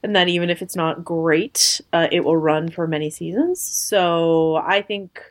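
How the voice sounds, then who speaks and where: A woman co-hosting a podcast in casual chat. She sounds bubbly and laughs often, and her pitch jumps up when she gets excited. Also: a little slow. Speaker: podcast co-host.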